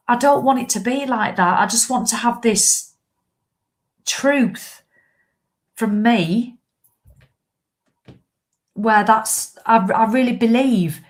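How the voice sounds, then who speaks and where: A woman's voice: a little high, takes it slowly, long pauses. A middle-aged woman, a fitness coach, talking straight to her followers in a casual live video with blunt, impassioned swearing.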